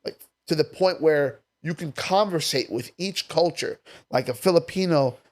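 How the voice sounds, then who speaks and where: Here the guest is a New York comedian from Staten Island whose voice runs a little high and darkish at a normal speed. On the podcast he's brash and profane, skipping around between subjects in casual conversation.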